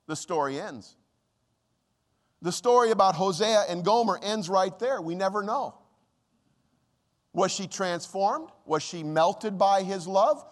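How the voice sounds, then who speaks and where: A man's voice: high-pitched, big-room sound. A man preaching a sermon with passion, his voice rising and dropping sharply when he speaks for God. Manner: impassioned preaching, dramatic rises and drops when quoting God. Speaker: pastor.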